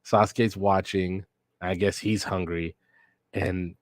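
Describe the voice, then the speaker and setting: A man's voice: sits low, fairly even intonation, slow pace, pauses often, no echo, studio quality. A young man hosting a channel, retelling manga panels play-by-play in a casual, run-on way with incredulous joking asides. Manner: recounts panels in a run-on 'and then he's like' way. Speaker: host reading a manga aloud for the first time.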